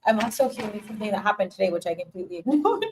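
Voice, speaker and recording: A woman's voice: medium pitch, very fast, slight background noise, poor audio. A woman talks through a live tarot reading in a loose, chatty way. She speaks straight to the viewer, laughs often, and repeats her encouragement. Now and then she drops a casual swear word. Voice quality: animated, laughs often, warm encouraging repetitions. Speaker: tarot reader.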